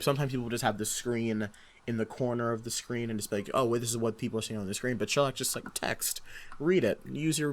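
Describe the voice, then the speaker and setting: A young man chats casually as a podcast co-host, with a mid-pitched voice. He rambles eagerly and acts out his own past reactions as he goes. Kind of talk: casual chat.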